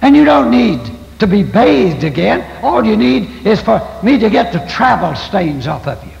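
A man's voice: high voice, sing-song, normal speed, creaky, darkish tone. An older man preaching a folksy, storytelling sermon as pastor. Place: church sanctuary. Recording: echoey church hall, dull lo-fi 1990s tape.

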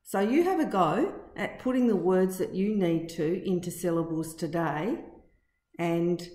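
A middle-aged female teacher records a spelling lesson for her pupils, speaking slowly and deliberately and drawing words out to reveal their syllables. Her voice sits on the low side with a warm tone, and the room is echoey.

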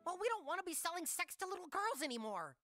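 A man's voice: extremely high pitch, big pitch swings, fast talker, pushed and bright, soft background music, heavily acted. An actor playing a polite young male pop singer who pleads with his boss. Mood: earnest. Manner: polite, pleading, cowers under threat.

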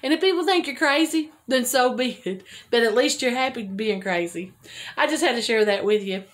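A woman's voice: a little high, brisk. An older woman vlogger telling a rambling, chatty story to her viewers and laughing at her own jokes. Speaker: homesteading vlogger.

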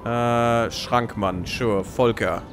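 A man's voice: mid-range voice, steady tone, drawn-out words, over music. Joking, sarcastic man narrating gameplay. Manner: joking, sarcastic, swears freely. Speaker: let's play host. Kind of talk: casual gameplay commentary.

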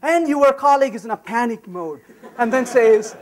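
At a live technical conference, a man with an extremely high-pitched voice gives a talk at normal speed. He's animated, joking with the audience and repeatedly asking "right?"

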